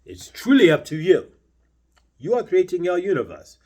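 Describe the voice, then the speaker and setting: A man speaking as a spiritual channeler, delivering a slow, deliberate talk full of repeated questions. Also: sits high, huge pitch swings, darkish tone.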